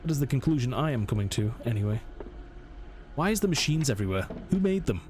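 A man's voice: medium pitch, very animated, quick pace, darkish tone, slight background noise. A man commentating a horror let's play, nervously narrating his every move to himself. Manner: jumpy, self-narrating, talking himself through scares. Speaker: gaming channel host.

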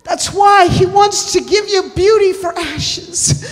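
A woman preaching a sermon to a church, impassioned, rising to shouted and sung cries. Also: very high voice, slow. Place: church sanctuary. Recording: long hall reverb.

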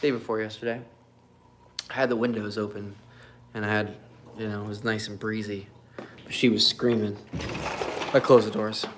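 A man's voice: on the low side, very noisy. Loose, swearing man streaming live with his pets. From United States. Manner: loose, swearing, talks to animals and chat. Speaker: pet keeper streaming live. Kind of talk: casual live stream chat. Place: home and backyard, in and out of doors.

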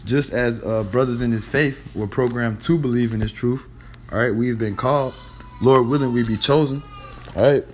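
Over slight background noise, a man with a medium-pitched voice delivers an informal sermon in loose street slang, swearing bluntly. He hesitates constantly with "uh," repeats words, and tacks "man" and "all right?" onto many phrases.

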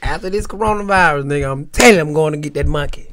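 A young adult man, a comedian co-hosting a podcast, talking in rowdy, rapid slangy chatter with chant-like repetition. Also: fairly high pitch, noisy background. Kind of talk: casual podcast banter.

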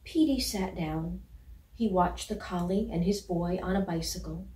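A woman reading a children's picture book aloud in a gentle, measured storytelling voice. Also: on the low side. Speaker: storybook reader. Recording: roomy, from a distance.

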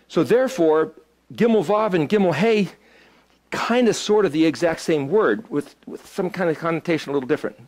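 A man with a somewhat high voice leads a small study group in an informal lesson. He thinks aloud as he works and keeps turning questions back to his listeners. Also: animated, brisk, darkish tone. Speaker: Hebrew study teacher.

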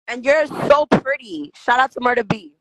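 A woman's voice: fairly high pitch, animated, normal speed, fairly bright tone, a little hiss or hum, rough recording. A woman on a livestream taunting another speaker with mocking insults over the phone. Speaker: livestream caller.

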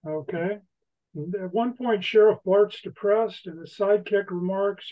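A woman hosting an online trivia game, reading questions slowly and deliberately with a light laugh now and then. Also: medium pitch, phone-quality sound. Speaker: trivia host.

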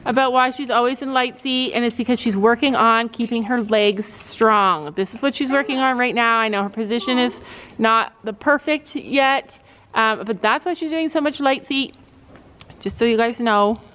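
A woman's voice: on the high side, moderate pace, fairly bright tone. A middle-aged woman hosting a family vlog, chatting to viewers about her daughter's riding. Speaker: vlog host, mother. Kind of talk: casual vlog narration at a horse arena. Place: horse riding arena. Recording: dull lo-fi camera audio with faint noise.

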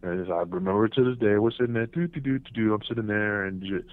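A man, a former pro wrestler, telling backstage stories in a casual interview, animated and profane, acting out what others said. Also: fairly low pitch, fast talker, no echo. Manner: animated, profane, acts out quotes in raised voices. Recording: tinny phone line, dry.

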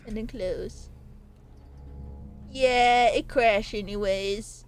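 A woman's voice: a little high, drawn-out words, long pauses, clear, resonant tone. A woman streaming a game live, chatting and rambling jokily to her chat as she plays. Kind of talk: live gameplay commentary.

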